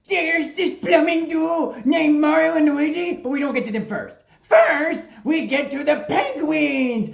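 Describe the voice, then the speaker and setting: A woman doing a comic hobo persona who excitedly and crudely recaps a movie plot, tacking "mama" onto her lines. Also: sits high, unhurried, gravelly, hardly any pauses. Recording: roomy echo.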